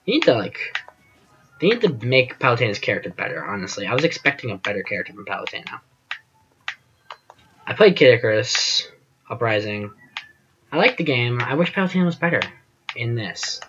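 A man's voice: mid-range voice, sing-song, brisk, pauses often, lo-fi sound, background noise. A man giving casual gameplay commentary as host of his channel, rambling and self-deprecating, often trailing off with fillers.

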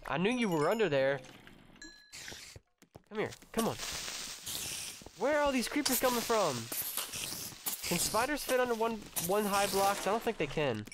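A young man hosting a let's-play, chatting excitedly with his viewers and his pet, cursing when startled. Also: high voice, normal speed, long pauses, noisy background. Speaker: gaming channel host. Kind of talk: casual let's-play commentary.

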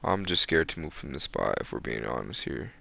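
A man giving live gameplay commentary on a close desk mic, excitable and boastful, with breathy asides to his viewers. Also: a bass voice, brisk. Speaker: gaming video creator. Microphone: close desk microphone.

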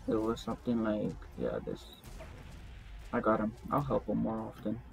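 A young man casually commenting on his own gameplay in slang, excitable and quick to yelp in surprise. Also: on the low side, creaky. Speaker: gaming streamer.

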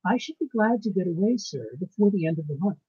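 A man's voice: sits high, lively intonation, quick pace, mellow, husky, highs cut off, voice pushed up, full character voice. A man voicing a placid, stubborn old peasant housekeeper woman with rustic grammar, reading a ghost story aloud. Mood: evasive.

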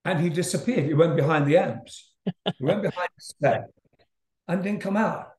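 A man's voice: fairly high pitch, normal speed, darkish tone. An older man, a rock singer, telling a rambling story in a casual interview, laughing and swearing as he goes. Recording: roomy echo.

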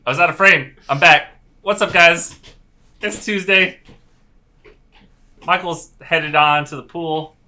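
A man's voice: a little high, takes it slowly, pauses often, bright, forceful tone. A man co-hosting a music reaction video, chatting casually and teasing his co-host.

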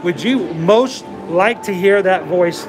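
A man's voice: high-pitched, slow, music in the background. A man co-hosting a livestream, chatting casually and joking while walking through a theme park outdoors. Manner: joking, playful, laughs often. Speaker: livestream co-host.

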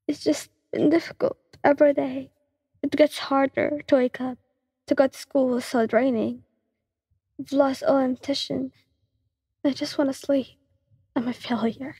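A woman voicing a worn-out, tearful teenage student who talks quietly and apologetically, with a breathy voice. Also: a little high, slow, long pauses, long reverb tail, full character voice. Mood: tired, tearful.

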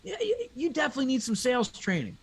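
A man mimicking a pushy male phone sales rep who makes an oily, eager sales pitch. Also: wildly swooping pitch, racing, slight background noise, full character voice. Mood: pushy, smug.

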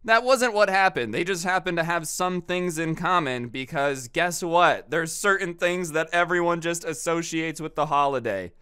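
Smooth-voiced sarcastic young man. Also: a little high, moderate pace, few pauses, pushed and bright, no room sound, clean studio sound. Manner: sarcastic, exasperated ranting. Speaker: storytime YouTuber. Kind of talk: casual storytime commentary.

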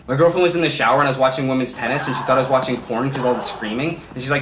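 A young man from Canada delivering a comedy vlog monologue in quick joking one-liners. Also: mid-range voice. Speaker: vlogger. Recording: roomy echo, distant mic, faint noise.

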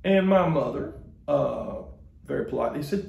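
Gravelly preacher. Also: male voice, medium pitch, expressive, unhurried, reverberant. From Mississippi, US. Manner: folksy storytelling, conversational. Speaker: pastor. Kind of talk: sermon.

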